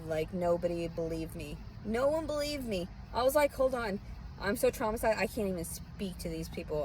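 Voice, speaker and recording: A woman's voice: sits low, darkish tone, a little hiss or hum, poor audio. Angry profane woman venting. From Southern US. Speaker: vlogger. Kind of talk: rambling personal vent.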